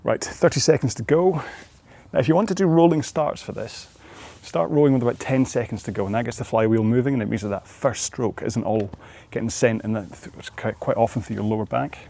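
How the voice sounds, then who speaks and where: A man's voice: mid-range voice, brisk, vocal fry, dark tone. A man coaching a follow-along rowing workout outdoors, chatting in a rambling, friendly way with self-deprecating asides.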